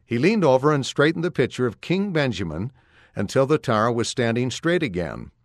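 A man reading a children's story aloud in a clear, expressive storytelling voice. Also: mid-range voice, a little fast, no room sound, clean studio sound. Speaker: narrator.

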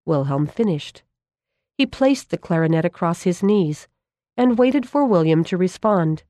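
A woman narrates a storybook aloud in a calm, measured way. Her voice is on the low side, and the recording is close and dry with no room echo.

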